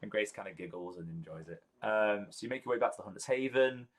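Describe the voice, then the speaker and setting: A man narrating a tabletop session as game master. His voice sits a bit low, and he talks with frequent ums and quick laughs as he describes the scene. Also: poor audio. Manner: hesitant, lots of ums, laughs often.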